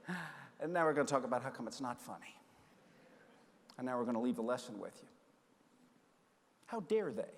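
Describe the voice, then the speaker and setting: An older man from the United States giving a storytelling keynote speech, animated and acting out the voices in his stories. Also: fairly high pitch. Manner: animated, acts out quoted voices. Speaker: keynote speaker. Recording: long reverb of a large hall.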